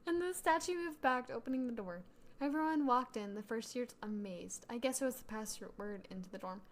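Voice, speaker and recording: A woman co-hosts a casual podcast, reading a childhood story aloud. She giggles often and breaks off to react with mock outrage. Her voice sits a little higher than most women's. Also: fairly quick. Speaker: podcast co-host.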